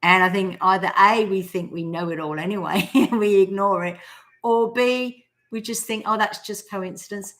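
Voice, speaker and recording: Here a forties-aged Australian woman runs a live stream, spinning casual stories and performing the quotes within them. Her medium-pitched voice is steady, a bit bright, and moves at an ordinary speed.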